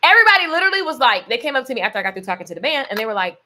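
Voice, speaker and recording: This woman's voice sits high and comes out rapid-fire, pushed and bright, with big swings in pitch. Vlogging casually, she tells playful stories and offers motivation, laughing frequently and putting on voices when quoting people.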